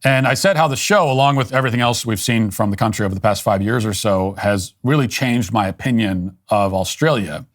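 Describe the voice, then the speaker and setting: A man's voice: fairly low pitch, a little fast, hardly any pauses. Sardonic American man hosting a monologue. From United States. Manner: sardonic, mocking, deadpan. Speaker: political commentator host. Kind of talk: scripted monologue with reading aloud.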